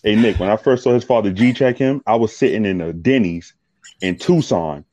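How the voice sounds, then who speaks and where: A man with a very deep voice, joking and laughing loudly in a casual chat. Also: moderate pace, no echo. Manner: boisterous, laughing banter. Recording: dry, dull lo-fi sound.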